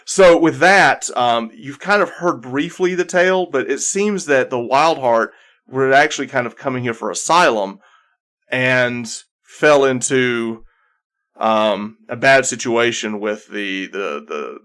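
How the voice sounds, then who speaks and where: A man's voice: medium pitch, a little slow, fairly bright tone. Casual male game master narrating. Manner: casual narration full of fillers.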